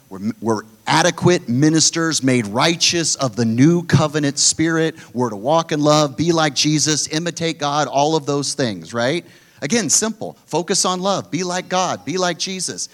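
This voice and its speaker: Middle-aged man, pastor, sermon delivery, forceful emphasis with quiet low drops. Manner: emphatic preaching, swinging between loud high pushes and low quiet drops.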